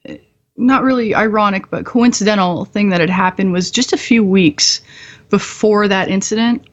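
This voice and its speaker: A woman's voice: mid-range voice, dull audio. A woman in her thirties, a podcast guest, candidly telling a hard story with blunt, profane humor and frequent laughs. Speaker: podcast guest, combat veteran.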